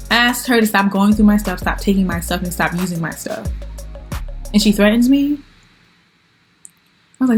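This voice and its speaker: A young woman tells a story straight to camera in an animated, exasperated way, voicing each quoted line as she goes. Her pitch sits in an ordinary middle range. Faint music plays underneath. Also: moderate pace. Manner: animated retelling, exasperated, acts out quoted lines. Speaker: vlogger.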